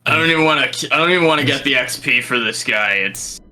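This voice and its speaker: Man, player, very bright crisp tone, casual chat. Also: medium pitch, lively intonation, quick pace.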